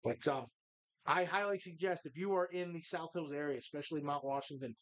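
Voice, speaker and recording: Rambling, profane bar host. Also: male voice, on the high side, fairly quick, a bit bright. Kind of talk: casual bar chat.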